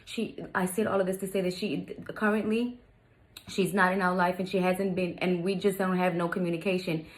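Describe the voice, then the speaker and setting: A woman's voice: on the low side, little pitch movement, fairly quick. Chatty woman telling a story. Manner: chatty, repeats "you guys" to viewers. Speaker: vlogger. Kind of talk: casual storytime.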